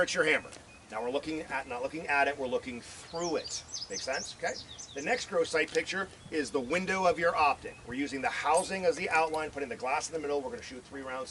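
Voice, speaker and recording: A male firearms instructor teaching a live class at an outdoor range, joking, swearing and quizzing his students as he goes. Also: a little high. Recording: noisy outdoor recording.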